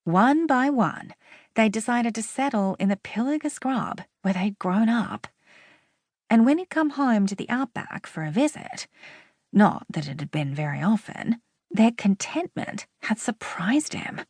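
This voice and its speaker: Slow, expressive woman audiobook narrator. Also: fairly high pitch, dry recording, studio quality. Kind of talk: scripted narration.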